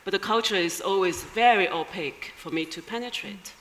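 A woman with a Chinese accent speaks as a guest at a live event, her voice bright and forceful. She talks in a thoughtful way, with small laughs between her phrases. Her voice rings with the long reverb of a large hall. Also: mid-range voice, a little fast, a little hiss or hum. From China. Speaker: guest writer. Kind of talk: onstage interview.

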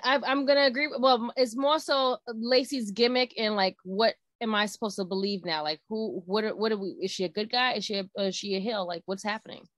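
A woman co-hosting a casual wrestling chat, talking fast with many fillers. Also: medium pitch, fairly even intonation, fairly bright tone, no echo. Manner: chatty, full of "like" fillers, confused and emphatic. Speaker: wrestling show co-host.

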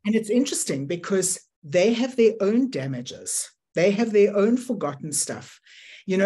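A woman's voice: on the low side, a little mellow, slightly rough. A woman fashion designer telling an earnest personal story on an online panel. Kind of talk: casual panel chat.

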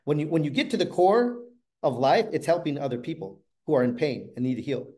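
A middle-aged motivational speaker tells a story from the stage at a brisk pace, his voice a little high for a man but mellow and warm. He shifts between loud, animated bursts and quiet, hushed asides.

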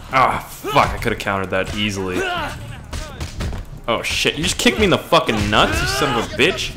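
A young man from Canada giving excitable, profane let's play commentary, laughing and reacting loudly as he plays. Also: fairly low pitch, normal speed. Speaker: gaming channel host. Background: game music and sound effects.

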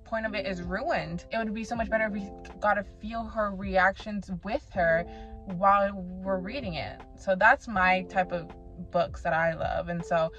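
A woman's voice: mid-range voice, a bit bright. A woman reviewing books in a casual vlog chat, rambling and acting out her own past reactions. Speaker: book reviewer. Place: away from her home. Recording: slightly muffled, with background music.

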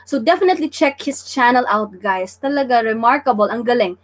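A Filipino woman with a high, light voice leads a casual livestream lesson, drilling each word over and over. She keeps it chatty and playful, teasing her viewers between repetitions. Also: lively intonation, brisk. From Davao City, Philippines. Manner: repeats words drilling vocabulary, playful teasing of chat. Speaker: livestream language teacher. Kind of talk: casual live-stream lesson mixing English and Tagalog.

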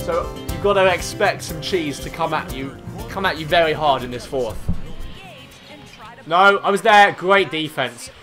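A man giving hyped gameplay commentary, shouting and swearing at the game. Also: on the high side, unhurried. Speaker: gamer. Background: game music.

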